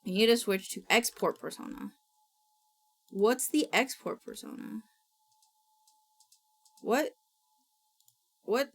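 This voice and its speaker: A woman's voice: on the high side, animated, takes it slowly, long pauses. A woman streamer chatting casually on a livestream, muttering to herself, reading instructions aloud and swearing now and then.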